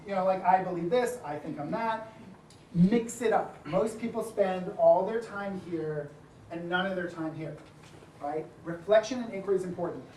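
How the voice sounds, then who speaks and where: A man's voice: sits high, a little mellow, slight background noise. A man gives a casual talk to an event audience, chatty and full of asides. His voice carries a roomy echo from the hall. The mic sits some way off, with faint ambience behind him. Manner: chatty, with frequent asides and light laughter. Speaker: speaker at a design community event. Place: event room with a live audience. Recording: echoey room, distant mic, faint ambience.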